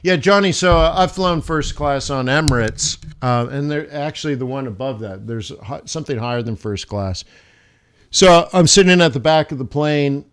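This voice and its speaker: A man's voice: fairly high pitch, moderate pace, fairly bright tone, smooth. Chatty man telling a travel story. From United States. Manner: chatty, many restarts, laughs while telling stories. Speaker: livestream host, forex trader. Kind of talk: casual rambling storytelling. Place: home studio during live stream.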